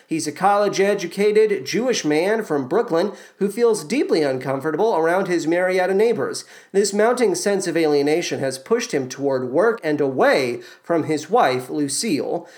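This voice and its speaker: A man hosting a podcast, reading a scripted musical theatre recap in a playful way with quick asides. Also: on the high side. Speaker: podcast host.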